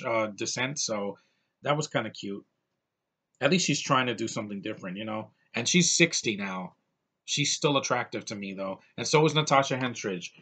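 Male movie reviewer, casual vlog delivery, excitable and gushing, trips over his words, middle-of-the-road pitch. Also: slightly rough. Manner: excitable, gushing, rambling with restarts.

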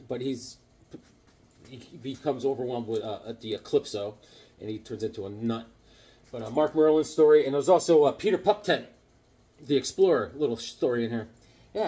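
Excitable husky man in his fifties. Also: mid-range voice. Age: 50s. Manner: excitable, rambling, jokey. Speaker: comic book vlogger. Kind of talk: casual chat to camera.

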